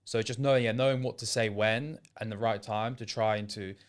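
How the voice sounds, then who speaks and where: With a lowish, steady voice and a fairly quick pace, a young adult man from England answers questions as an interview guest. Once an apprentice and now a sales setter, he speaks casually and hesitantly, often losing his thread and beginning again.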